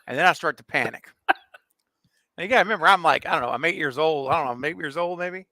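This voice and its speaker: A co-host in his forties tells a funny childhood story on a casual livestream, laughing often as he goes. His voice is fairly high and quick, recorded dry, and he's an animated storyteller.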